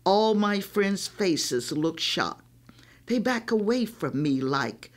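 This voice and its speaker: Woman reading a story aloud, lively. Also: medium pitch, slow pace. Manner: expressive first-person storytelling. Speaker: reader. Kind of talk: reading a children's novel aloud.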